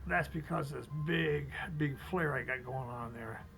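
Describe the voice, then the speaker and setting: A man demonstrating fly tying step by step, chatty and relaxed, talking to himself as he works. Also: mid-range voice, a little slow, creaky, faint music behind, poor audio. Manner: chatty, talks to himself while working, chuckles.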